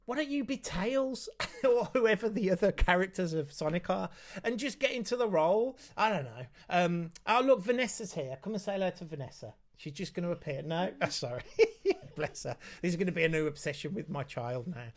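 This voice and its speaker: An autism specialist hosts a casual live Q&A for parents from home, chatty and easygoing, reading out viewer comments and breaking off to talk to his child. His voice is high-pitched and brisk, with lively intonation.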